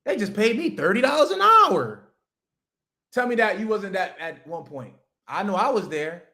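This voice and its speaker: A man with a high, sing-song voice, bright and pushed, talks at a normal speed as he hosts a livestream. He's a business coach delivering an emphatic, profane motivational rant about business directly to his chat viewers.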